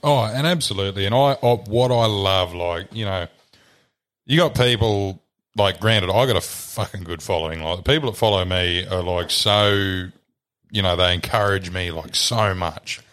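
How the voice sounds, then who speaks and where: A man's voice: deep voice, moderate pace, a bit bright. A young Australian man, a podcast guest, chatting casually, swearing freely and laughing at his own stories. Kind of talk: casual chat.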